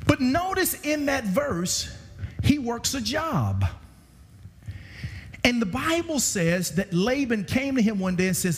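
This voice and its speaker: A man preaching a sermon to a congregation with animated swings in pitch, recorded through a church sound system. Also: unhurried. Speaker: guest preacher. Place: church sanctuary. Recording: reverberant church hall.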